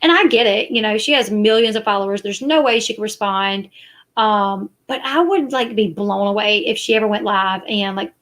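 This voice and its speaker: A woman's voice: mid-range voice, normal speed, a bit bright. A woman, chatting casually and defensively to her live stream viewers. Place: parked car at night.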